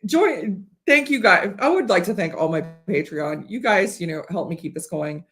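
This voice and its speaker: A woman's voice: lowish voice, animated, normal speed, fairly bright tone, soft background music. A woman from Ohio hosting a casual whiskey livestream, chatty and rambling with fillers and restarts, a bit tipsy. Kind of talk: casual live-stream chat. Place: home studio.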